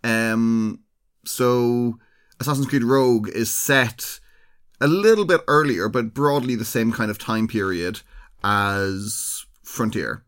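Wry podcast co-host. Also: male voice, medium pitch, takes it slowly, a bit bright, clean tone. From Ireland. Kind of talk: casual podcast chat.

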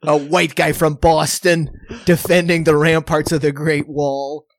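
A man's voice: on the high side, measured pace, no echo, clean studio sound. A man, a comedian guest on a podcast, trading wry jokes in casual banter. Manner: wry, animated, playful.

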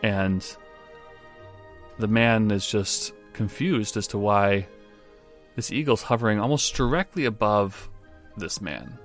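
A man as game master, narrating a tabletop game in slow descriptive turns. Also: fairly low pitch, faint music behind.

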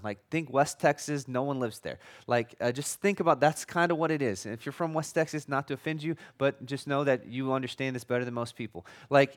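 A middle-aged man preaching a sermon as a pastor, in a conversational way, with frequent restarts and jokey asides. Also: medium pitch.

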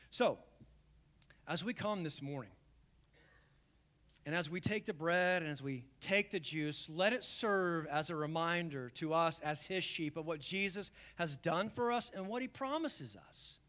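Earnest high-voiced male pastor preaching. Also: lively intonation, a little slow. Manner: earnest, pleading, rising to emphatic calls then dropping low and quiet. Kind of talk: sermon at communion. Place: church service.

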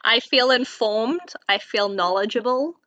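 A woman co-hosting a podcast, cracking playful deadpan jokes in casual chat. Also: on the high side, unhurried, no echo, highs cut off. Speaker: podcast co-host.

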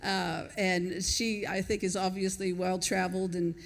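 A woman's voice: fairly low pitch, flat delivery, a little slow. American woman preaching in a reverberant hall. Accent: American, softened by years in Australia. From United States. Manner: conversational, storytelling, laughs with the congregation. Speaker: pastor. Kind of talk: sermon. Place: church auditorium.

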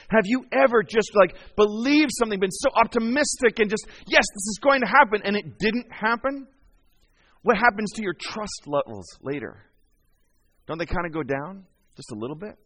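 A male pastor giving a conversational sermon in a church, acting out quoted voices as he goes. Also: high-pitched. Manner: animated, conversational, acts out quotes.

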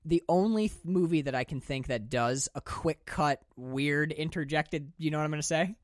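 A man co-hosting a podcast, talking about movies in an excitable, rambling way, full of fillers and swearing. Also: on the high side, moderate pace, no echo, clean studio sound. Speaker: podcast co-host. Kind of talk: casual film discussion.

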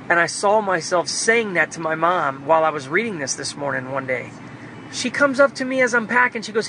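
Man, high voice, earnest and rambling, personal devotional monologue, faint noise behind. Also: expressive, a little fast, sharp tone, rough recording. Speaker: believer sharing devotional reflections. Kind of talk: personal faith vlog monologue.

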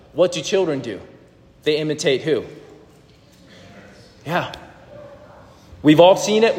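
A man's voice: high-pitched, big-room sound. A man preaching a sermon in a conversational way, asking the congregation questions. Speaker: pastor.

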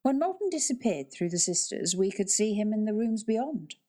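A woman's voice: mid-range voice, sing-song, warm tone, voice pushed up, lightly acted. A woman reading a stern, guarded uncle. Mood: measured. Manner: measured, stern.

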